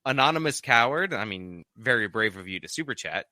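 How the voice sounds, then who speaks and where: A man with a bright, forward voice hosts a relaxed live stream, reading viewer messages aloud and padding them with casual fillers. The sound is dry and close, with no room around it. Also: medium pitch, fairly quick, no room sound. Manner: reads donor messages aloud with many "like" fillers. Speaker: streamer reading super chats.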